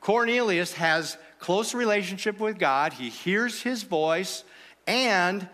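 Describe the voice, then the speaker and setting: Man, pastor, conversational sermon, rhetorical questions, slightly high, bright voice, long hall reverb. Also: animated, slow pace.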